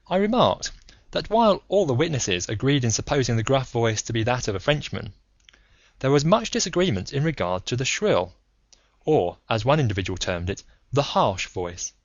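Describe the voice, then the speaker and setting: A man reading a classic story aloud as an audiobook narrator, in a formal, steady storytelling manner, with a dull, dry sound. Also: mid-range voice, normal speed, no echo.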